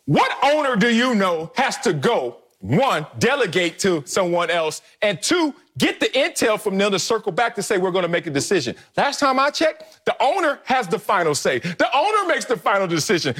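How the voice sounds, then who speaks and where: Guy on a sports talk show, bouncy voice all over the place, kinda high, pushy and jokey. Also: very animated, moderate pace, hardly any pauses, fairly bright tone, breathy edge. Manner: emphatic, playful, laughs while arguing. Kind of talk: animated sports debate.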